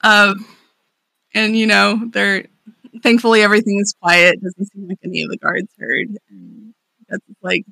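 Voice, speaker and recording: A woman co-hosting a podcast, casually recapping a manga chapter with lots of filler words, swearing and quick paraphrased character lines. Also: mid-range voice, fairly even intonation, gravelly, bright, forceful tone, dry recording. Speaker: podcast co-host.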